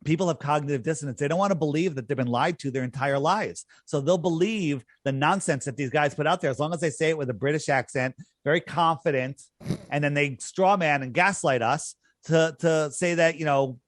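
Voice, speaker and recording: A man's voice: on the high side, a little fast, no room sound, clean studio sound. A man talking in an emphatic, scornful way on a podcast, repeating his points for effect. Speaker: podcast guest. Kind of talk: conversational podcast argument.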